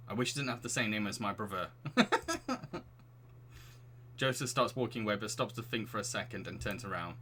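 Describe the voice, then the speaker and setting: Male streamer, playful game read-through with commentary, bright tone. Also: lowish voice, a little fast, pauses often, slight background noise. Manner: playful, giggly, animated. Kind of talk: reading a dating game aloud with commentary.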